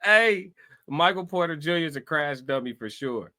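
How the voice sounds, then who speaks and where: A high-pitched young man comments on a podcast clip with loud, mocking energy. He leans hard on slang and breaks into laughter as he talks. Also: animated, normal speed. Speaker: reaction commentator.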